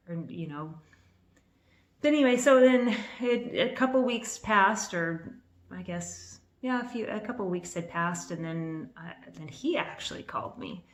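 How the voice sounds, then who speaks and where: A woman in her fifties telling a personal story to camera in an excitable, rambling way, a little nervous, with restarts and bursts of laughter. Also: mid-range voice, a little slow. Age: 50s. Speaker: vlogger. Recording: echoey room.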